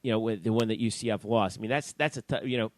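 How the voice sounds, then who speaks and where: A man's voice: lowish voice, quick pace. A man co-hosting a sports podcast, chatting casually and chiming in with his own takes. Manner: chatty, interjecting. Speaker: podcast co-host.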